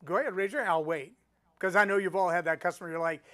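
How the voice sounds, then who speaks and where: A man's voice: sits high, fast. A middle-aged man, a speaking coach, teaching storytelling in a live webinar, acting out the voices he quotes. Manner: animated, acts out quoted voices.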